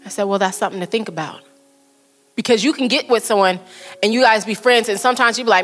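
A woman's voice: a little high, fairly bright tone, faint music behind. Woman preaching a sermon. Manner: earnest, slows down for quotes and prayers.

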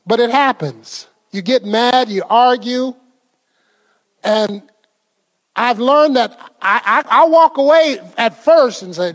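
High-voiced man preaching in an echoey hall. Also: lively intonation, a little slow, a bit bright. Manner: conversational, quizzes the congregation, laughs often. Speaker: pastor. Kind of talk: sermon.

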